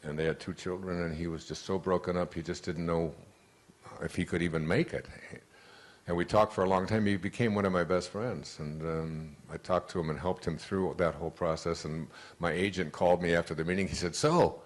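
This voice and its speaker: Low-voiced man telling motivational stories. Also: brisk. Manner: animated storyteller, acts out quoted voices, frequent restarts. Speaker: motivational speaker. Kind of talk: motivational talk with personal stories.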